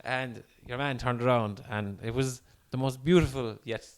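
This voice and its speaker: A man's voice: mid-range voice, steady tone, normal speed, smooth. Laughing Irish man telling stories. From Ireland. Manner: laughing storyteller, swears freely. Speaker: podcast co-host. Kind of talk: casual podcast chat.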